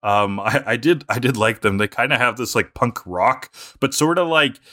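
A young man co-hosting a podcast in a relaxed, rambling way, breaking into laughter often. His voice sits at a middle pitch for a man. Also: no echo, clean studio sound. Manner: laid-back, rambling, quick to laugh. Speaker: podcast co-host. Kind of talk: casual chat.

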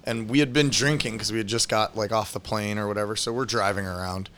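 A man's voice: fairly low pitch, steady tone, fast talker, a bit bright, a little hiss or hum. Laid-back slangy man organizing an event. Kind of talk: casual chat.

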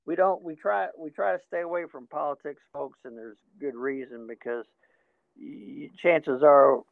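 A man co-hosting a podcast, chatting casually and joking as he rambles, tripping over his words. His voice is gravelly and a bit high for a man. It comes through thin and phone-like. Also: moderate pace, no echo. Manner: rambling, jokey, stammering restarts. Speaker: podcast co-host. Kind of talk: casual chat. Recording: tinny phone-like sound.

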